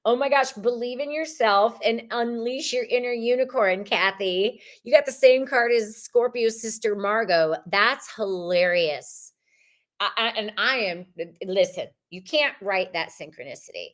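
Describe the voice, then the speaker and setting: A woman's voice: a little high, measured pace. A woman hosting a live tarot show, reading cards for viewers in a chatty, upbeat way and repeating phrases like mantras. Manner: upbeat, chatty, with sudden excited squeals. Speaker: tarot reader host.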